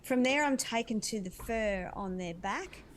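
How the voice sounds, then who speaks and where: A woman's voice: a little high, lively intonation, a little slow, slight background noise. A woman acting as an animal communicator, describing intuitive visions in an earnest, dreamy, winding way.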